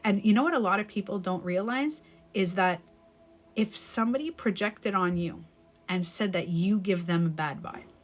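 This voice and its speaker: A young adult woman coaching live on a stream, her voice sitting at an ordinary middle pitch. She speaks frankly and with emphasis, dropping casual swear words and restarting sentences as her thoughts run on. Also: moderate pace, faint music behind. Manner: rambling with self-corrections. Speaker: life coach. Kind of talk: live-stream advice talk.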